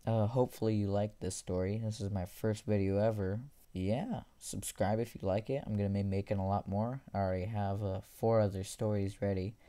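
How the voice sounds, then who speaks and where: A man's voice: on the low side, steady tone, brisk, few pauses, mellow. A teenage boy casually retelling a school story, rambling with many fillers. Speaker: storytime YouTuber.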